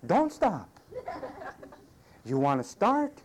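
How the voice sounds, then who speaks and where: Animated, punchy man preaching a sermon. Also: high-pitched, drawn-out words, a little hiss or hum. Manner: emphatic, punchy short commands; wry humor, mimics whiny complainers. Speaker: pastor.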